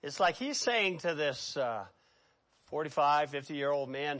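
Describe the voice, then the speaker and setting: A man preaching a sermon with dramatic swings between hushed and loud delivery. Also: a little high, animated, measured pace.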